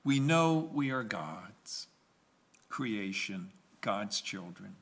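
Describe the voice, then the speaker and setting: A male pastor preaching a sermon in a slow, emphatic way, pausing and repeating key phrases. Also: lowish voice, expressive, a bit bright, husky.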